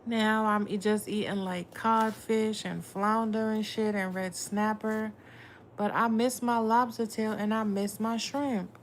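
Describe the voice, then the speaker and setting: A woman's voice: medium pitch, little pitch movement, measured pace, slight background noise. A woman tarot reader chatting casually with viewers on a livestream, blunt and swearing freely. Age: adult with a son.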